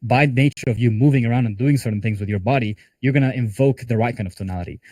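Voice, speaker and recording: Male sales coach leading a team call; rapid, casual delivery with a warm, low-bright tone. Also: dry recording. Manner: conversational, talks with hands-on examples and casual fillers. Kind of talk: live group training call.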